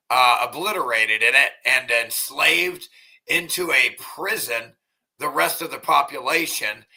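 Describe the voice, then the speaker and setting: Man, profane ranting commentary, very bright forceful tone. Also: a little high, gravelly, poor audio. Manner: crude, profane, shouts in anger. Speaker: channel host. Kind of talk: casual commentary rant.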